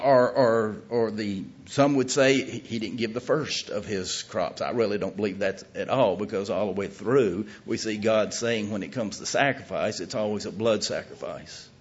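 A middle-aged man preaching a sermon in a folksy, emphatic way, with his voice rising to loud peaks. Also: medium pitch. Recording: muffled lo-fi recording.

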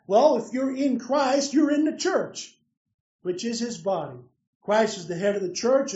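A man with a very high-pitched, darkish voice preaches an emphatic sermon, posing questions to his listeners and answering them himself. The recording sounds roomy, distant, dull and lo-fi.

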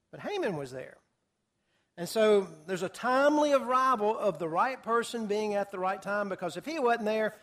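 A man preaching through a Bible passage verse by verse, telling the story in a lively way and putting questions to his listeners. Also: high-pitched. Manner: animated storyteller, asks the audience questions. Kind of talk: expository Bible teaching.

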